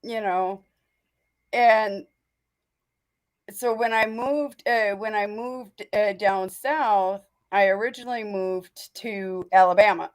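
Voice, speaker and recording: A woman's voice: medium pitch, fairly even intonation, slow. A woman from North Dakota with a mix of North Dakota and Southern US accent, hosting a casual livestream chat, chatty and laughing often between fillers. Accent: mixed North Dakota and Southern US. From North Dakota, USA. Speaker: livestream host.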